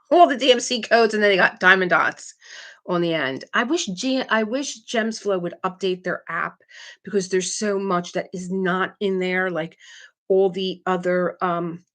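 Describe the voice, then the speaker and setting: A middle-aged woman with a slightly low-pitched voice hosts a casual live craft stream. She talks in an animated way, reads viewer comments aloud and laughs often.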